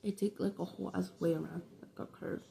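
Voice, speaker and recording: A woman's voice: on the low side, steady tone, fast talker, gravelly, mellow, slight background noise. A young woman telling a rambling, slangy, profane story in a casual vlog. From New York City. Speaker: vlogger.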